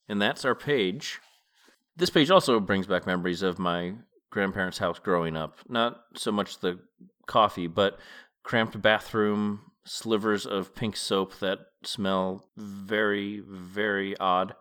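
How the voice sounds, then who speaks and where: A man's voice: fairly low pitch, slow pace, clear, resonant tone. A man hosting a podcast who reads a novel aloud a page at a time and chats about it afterward. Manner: relaxed, chatty reflection. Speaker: podcast host and reader. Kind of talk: reading a novel aloud and commenting.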